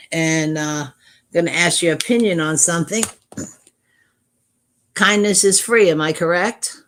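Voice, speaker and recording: A woman's voice: on the low side, fairly bright tone. A middle-aged woman chatting casually on her livestream, greeting viewers from chat and talking with frequent restarts. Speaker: livestream host. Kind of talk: casual live-stream chat.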